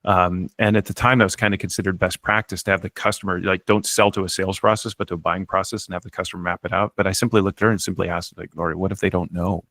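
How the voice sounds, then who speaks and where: Guy talking fast, kinda low voice, super animated storyteller, lots of restarts, dry sound. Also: no echo. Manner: animated, acts out quotes, frequent restarts. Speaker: author and guest. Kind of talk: conversational interview storytelling.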